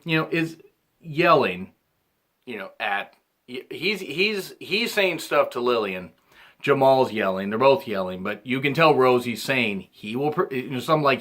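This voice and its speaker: A man in his thirties giving a rambling casual recap as a reviewer, often clearing his throat and restarting his sentences. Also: medium pitch, a bit bright. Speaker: wrestling reviewer.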